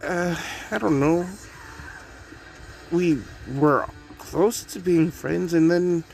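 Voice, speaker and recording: A man's voice: fairly high pitch, slow, gravelly, darkish tone, soft background music, pitched above the performer's own voice. A man putting on a stammering flustered teen girl. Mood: awkward. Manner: stammering, swearing at herself. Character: flustered teenage girl hero, hot-tempered.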